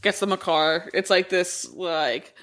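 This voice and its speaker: A podcast co-host chatting casually about a film, with relaxed, slangy phrasing. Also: mid-range voice, unhurried. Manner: relaxed, laid-back slang. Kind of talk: casual film-review chat.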